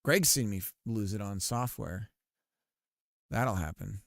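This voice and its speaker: A man's voice: fairly low pitch, unhurried, creaky, a bit bright, no room sound, studio quality. Rambling, cursing male streamer. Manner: rambling and self-deprecating, swears often, many fillers. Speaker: game developer streamer. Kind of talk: casual live-stream chat while working.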